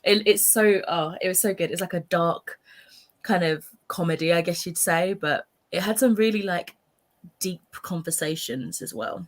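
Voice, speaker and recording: A woman's voice: on the low side, moderate pace. A woman guest in a casual book chat who recommends books enthusiastically and laughs after them.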